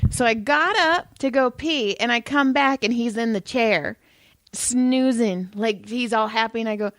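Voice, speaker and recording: A woman's voice: a little high, unhurried, a bit bright, no echo. A woman co-hosting a podcast, telling a story in casual chat and swearing freely. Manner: chatty, swears freely, acts out quotes. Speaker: podcast co-host.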